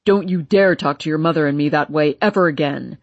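A woman doing a low, gruff, dismissive father. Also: slow, no echo, highs cut off, full character voice. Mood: angry. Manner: gruff, curt scolding. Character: stern middle-aged father, dismissive. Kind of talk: audiobook character voice.

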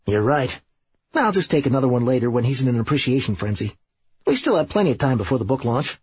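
A man voicing Serge, a manic, brash male schemer in an audiobook, speaking in a quick, excitable, breezy way. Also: mid-range voice, breathy edge, dry recording, highs cut off.

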